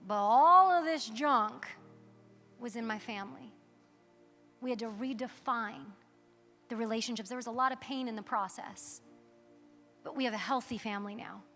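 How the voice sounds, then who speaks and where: A woman pastor preaching a sermon in an earnest, measured way. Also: a little high, a bit bright. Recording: reverberant hall.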